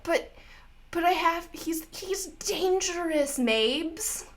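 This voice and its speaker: A woman's voice: very high voice, expressive, slow pace, voice pushed up, heavily acted. A woman voicing a whiny, stammering grown man who acts like a child. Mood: whining.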